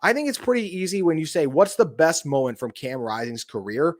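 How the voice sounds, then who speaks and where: A man's voice: a little high, animated, brisk. A man hosting a sports podcast, chatting in an upbeat way and steering the talk from one topic to the next. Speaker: podcast host. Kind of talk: casual sports chat.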